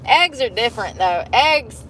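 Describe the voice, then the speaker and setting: A young woman rambles to her phone camera from inside a car, blunt and full of swearing as she complains. Her voice sits fairly high, and a faint hum of the car runs under it. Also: expressive, measured pace, a bit bright. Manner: blunt, heavily profane and complaining. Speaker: vlogger. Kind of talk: casual rambling monologue.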